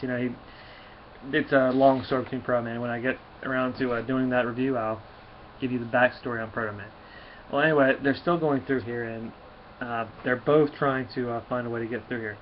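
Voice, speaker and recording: Man, mid-pitched, rambling casual comic reviewer; dull lo-fi sound with faint hiss. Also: fairly even intonation, fairly quick. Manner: rambling, many fillers and restarts.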